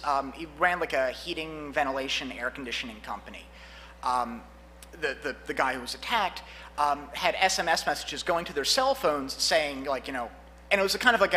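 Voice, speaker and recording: A man's voice: on the high side, pushed and bright, slight background noise. A man giving a live conference talk on law and security, rambling with many fillers and acting out conversations. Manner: rambling, fillers, acts out dialogue. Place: conference hall.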